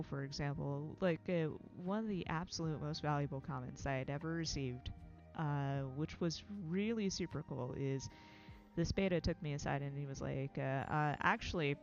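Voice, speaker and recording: A woman's voice: deep voice, darkish tone, muffled recording. An American woman hosting a livestream, chatting casually in a rambling, self-deprecating way, swearing freely and laughing often. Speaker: livestream host.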